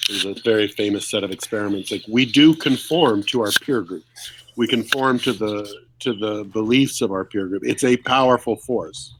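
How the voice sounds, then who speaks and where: A man's voice: fairly low pitch, moderate pace, noisy background. A man hosting a casual podcast discussion, talkative and explaining things for listeners. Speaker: podcast host.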